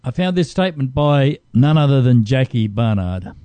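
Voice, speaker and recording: A man's voice: medium pitch, animated, moderate pace, warm tone, clear, resonant tone, dry recording. A man co-hosting a talk show, speaking earnestly and conversationally and reading aloud to his partner. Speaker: co-host.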